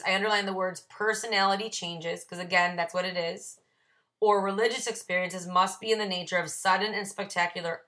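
A woman's voice: mid-range voice, sharp tone. A woman leading a recovery book study, reading passages aloud and explaining the notes she wrote beside them. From Ohio, USA. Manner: reads passages then explains her own notes. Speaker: AA Big Book study leader. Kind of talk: reading aloud and commenting on a text.

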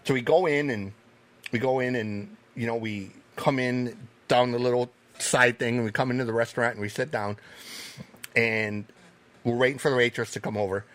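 A man, a podcast guest, telling animated stories in a casual chat, swearing now and then. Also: medium pitch, normal speed. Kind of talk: casual storytelling.

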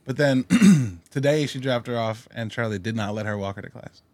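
A young adult man co-hosting a casual podcast, relaxed and joking, with easy profanity. His voice sits at a middle pitch and sounds close and dry, with no room around it. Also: brisk, no room sound. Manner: laid-back, jokey, swears casually. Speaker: podcast co-host. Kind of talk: casual chat.

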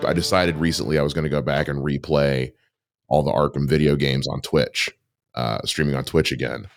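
A man co-hosting a podcast in casual chat, talking haltingly with many fillers. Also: extremely low pitch, steady tone, creaky, soft background music. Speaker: podcast co-host.

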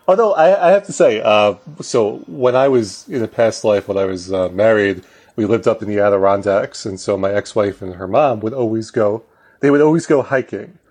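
A man's voice: fairly low pitch, moderate pace, a little mellow, husky. Rambling man podcast guest. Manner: rambling, self-deprecating, with filler and laughs. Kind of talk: casual chat.

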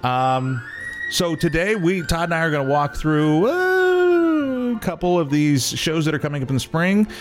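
A man's voice: fairly high pitch, sing-song, moderate pace, faint music behind. A man hosting a podcast in casual chat, rambling and poking fun at himself as he talks. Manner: rambling, self-mocking, trails off and restarts. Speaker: podcast host.

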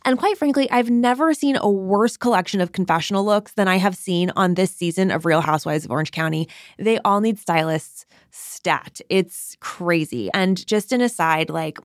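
A young woman hosts her own podcast, chatting in a gossipy, opinionated way. Her voice sits a little low, and she jumps up in pitch to stress a point. The sound is close and dry, with no room echo. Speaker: podcast host. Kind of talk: casual solo podcast chat.

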